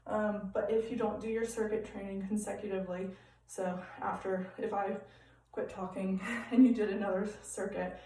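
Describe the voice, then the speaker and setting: A woman's voice: medium pitch, warm tone. Young female fitness instructor, encouraging and chatty; echoey room, distant mic. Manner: upbeat, encouraging, checks in with "okay?". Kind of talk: live-style home workout instruction. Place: room at home. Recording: echoey room, off-mic, faint background hiss.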